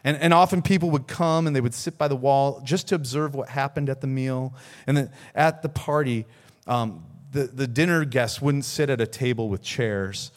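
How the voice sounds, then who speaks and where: A man's voice: medium pitch, normal speed. A man, a pastor, preaching a sermon, telling a story earnestly with repeated words and rising emphasis.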